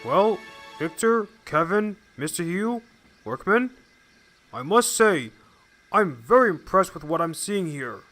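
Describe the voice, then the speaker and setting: A man's voice: high-pitched, big pitch swings, takes it slowly, a bit bright, faint music behind, voice pushed up, exaggerated voice. A man voicing a formal, authoritative male railway boss.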